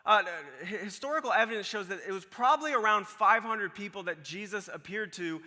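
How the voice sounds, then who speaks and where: Man, pastor, casual animated sermon, high voice, very bright tone, long hall reverb. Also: a little fast.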